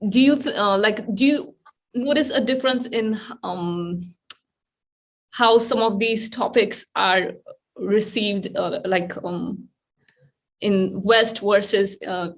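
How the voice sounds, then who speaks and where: A woman hosting an interview, asking a long question with many pauses and fillers. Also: medium pitch, fairly even intonation. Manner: hesitant, many fillers and restarts. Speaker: interviewer, host.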